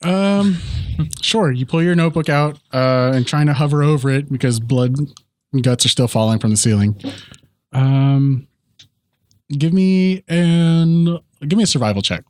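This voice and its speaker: Laid-back Southern game master. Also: male voice, mid-range voice, normal speed, dry recording. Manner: relaxed, filler-heavy, hesitant phrasing. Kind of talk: running a tabletop game.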